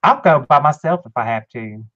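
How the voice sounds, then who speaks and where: A man's voice: medium pitch, expressive, fairly quick, a bit bright, dull audio. A man co-hosting a casual live-stream jewelry auction, calling out the current bids plainly. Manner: matter-of-fact, calls out the bids. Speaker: online auction co-host.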